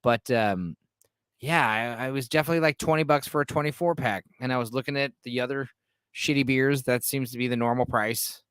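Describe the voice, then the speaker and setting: A man's voice: medium pitch, fairly quick, a bit bright, smooth, no room sound, studio quality. A man hosting a casual solo podcast, rambling and irreverent, with lots of swearing and fillers. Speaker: podcast host.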